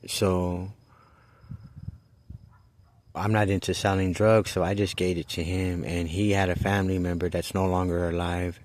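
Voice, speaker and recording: A man with a very low, deep voice tells a personal story in a loose, casual way. He rambles, restarts his sentences and swears freely. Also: level tone, measured pace, pauses often, darkish tone, no room sound.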